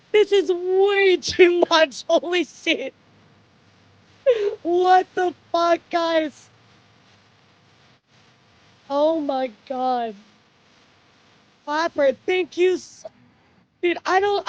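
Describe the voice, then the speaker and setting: A woman streamer with a very high voice talks slowly to her chat, sounding overwhelmed and swearing freely. She keeps calling everyone "dude" and "guys", and the audio is a little muffled. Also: no echo.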